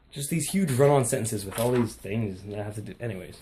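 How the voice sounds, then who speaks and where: Young male vlogger, excitable and rambling, casual talk to camera. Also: lowish voice, brisk. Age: young adult. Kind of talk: casual vlog chat.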